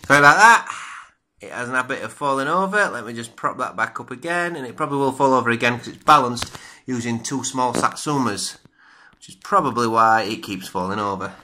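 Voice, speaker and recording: With a brisk, animated, sharp-toned voice of medium pitch, a middle-aged man reviews beer in a casual home video. He rambles chattily and self-deprecatingly, and the camera mic captures roomy room echo.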